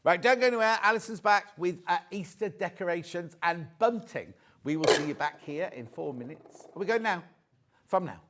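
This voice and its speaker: A man's voice: sits high, animated, moderate pace, background noise. A man presenting on a live shopping channel, chatty and rambling with joking asides.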